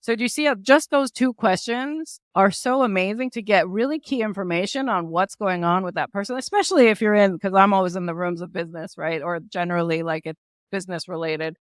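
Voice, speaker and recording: A woman guest on a podcast, talking in an upbeat, energetic way with lots of asides like "right?" and "like". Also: medium pitch, a little fast, no echo, clean studio sound. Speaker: guest entrepreneur. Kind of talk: casual podcast interview.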